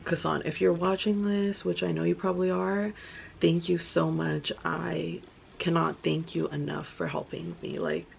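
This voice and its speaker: A woman's voice: fairly low pitch, expressive, moderate pace, vocal fry, a little hiss or hum. A young woman vlogger telling her story in a casual, chatty way, full of filler words.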